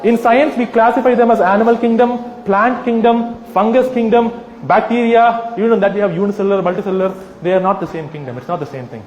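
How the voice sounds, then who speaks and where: Guy giving a funny talk to a crowd, high-ish voice, teasing rhetorical questions, roomy hall sound. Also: fairly quick, hardly any pauses, a little mellow, highs cut off. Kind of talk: humorous persuasive talk to a live audience. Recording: echoey hall with long reverb.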